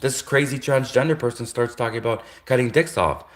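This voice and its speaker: This man hosts a casual livestream, ranting in an echoey space with a fairly quick, medium-pitched voice. His talk is repetitive and rambling, broken by frequent self-corrections and chuckles.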